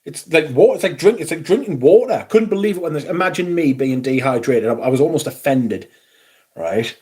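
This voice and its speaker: A man's voice: a little high, lively intonation, brisk, darkish tone. Middle-aged man, livestream host, sweary and rambling. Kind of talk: casual livestream chat.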